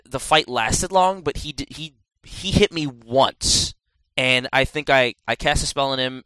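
A man chats about video games in a bright, crisp voice that jumps up with excitement. He swears freely and tosses in quick asides. The sound is close and dry. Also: medium pitch, no room sound, poor audio. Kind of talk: casual gaming chat.

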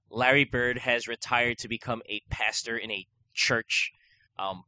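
A young podcast co-host chats casually, rambling with lots of fillers and restarts. His voice is medium-pitched with a sharp tone.

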